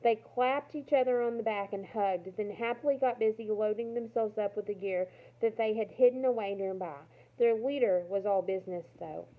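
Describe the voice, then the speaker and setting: Woman reader, steady story reading with asides, tinny phone-like sound. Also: medium pitch, normal speed, hardly any pauses. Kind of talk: reading a novel aloud.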